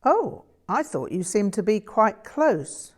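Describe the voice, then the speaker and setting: A woman voicing a wry woman friend who talks in a crisp, teasing way. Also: mid-range voice, very animated, slow pace, voice pushed up.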